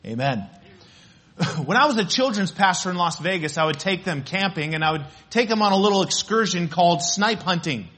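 Lively, high-voiced male pastor preaching. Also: fairly quick, few pauses. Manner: lively storytelling with laughter. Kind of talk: sermon. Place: church sanctuary.

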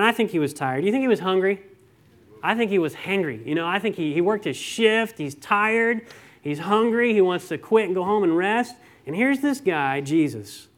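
A man preaching a sermon, reading scripture and then talking conversationally to the congregation with rhetorical questions and stories. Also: fairly high pitch.

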